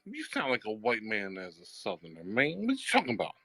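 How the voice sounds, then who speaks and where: A man's voice: on the low side, huge pitch swings, brisk, pushed and bright, no echo, clean studio sound. A man calling in to a live stream, defensive and swearing in loose street talk. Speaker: caller. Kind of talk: live call-in.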